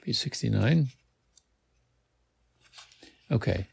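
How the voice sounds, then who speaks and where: Low gravelly male podcaster. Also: lively intonation, drawn-out words. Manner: thinks aloud between chapters. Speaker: podcast host. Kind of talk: reading a gamebook aloud.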